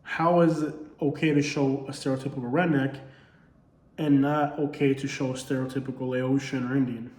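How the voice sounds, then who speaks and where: A man's voice: medium pitch, level tone, normal speed, darkish tone, roomy sound. A man with a Southern accent, a comedy creator speaking in a casual commentary monologue, earnest and full of rhetorical questions. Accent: Southern US, Alabama-tinged.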